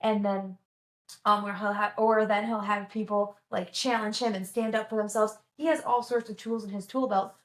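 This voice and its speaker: Chatty woman vlogger in an echoey room. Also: a little high. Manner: enthusiastic, chatty, with many "like"s. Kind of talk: casual chat.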